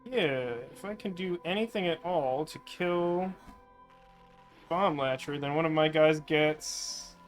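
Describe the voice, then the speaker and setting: A man's voice: fairly high pitch, slow, faint music behind. A man streaming a card game, chatting in a wry way as he thinks aloud about his moves. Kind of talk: let's-play commentary.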